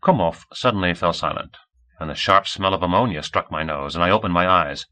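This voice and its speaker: A man narrating an audiobook in a steady, even reading voice. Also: low-pitched, brisk, poor audio. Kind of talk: scripted narration.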